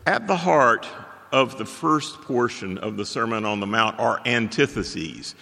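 Guy preaching in a big echoey hall, bright voice, dry jokes thrown in. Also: mid-range voice, expressive, a little slow, gravelly. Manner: wry, joking asides, emphatic. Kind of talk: sermon lecture.

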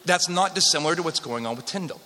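A man's voice: fairly high pitch, expressive, racing, pushed and bright. Joking man lecturing in a hall. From Western Canada. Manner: conversational, joking with the audience. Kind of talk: live history lecture with slides. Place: hall with a live audience. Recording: long hall reverb.

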